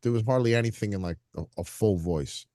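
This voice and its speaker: A man on a review panel giving a blunt, halting critique, swearing casually. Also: fairly low pitch, warm tone. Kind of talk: casual album review chat.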